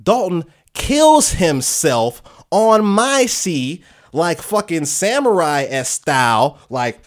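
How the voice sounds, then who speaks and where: A young man hosting a casual chat, recapping a story in an animated way and acting out characters' lines with laughter and swearing. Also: on the high side, takes it slowly. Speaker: podcast host reviewing comics.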